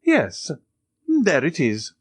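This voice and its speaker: A man voicing a timid, eager old ex-soldier in a high, quavering, fawning voice. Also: huge pitch swings, drawn-out words, husky, dry recording, full character voice.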